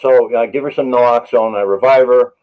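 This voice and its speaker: A man's voice: medium pitch, fairly even intonation, fairly quick, lo-fi sound. A man, a paramedic, telling stories from the job in an interview, earnest and full of "you know" fillers. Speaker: paramedic and author, interview guest. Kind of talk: storytelling in a podcast interview.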